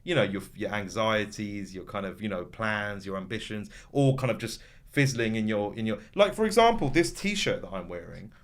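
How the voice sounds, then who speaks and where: A man's voice: fairly low pitch, moderate pace. A man chatting casually, rambling through a story with lots of fillers. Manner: rambling, animated storytelling with frequent fillers and laughs. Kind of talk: casual chat.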